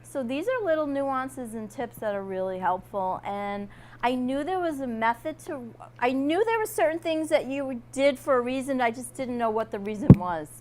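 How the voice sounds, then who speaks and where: A woman host with a high voice who asks her questions in a chatty, appreciative way. She talks over a video call, reacting warmly to her guest's answers. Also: animated, normal speed. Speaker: interview host. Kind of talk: interviewing a guest.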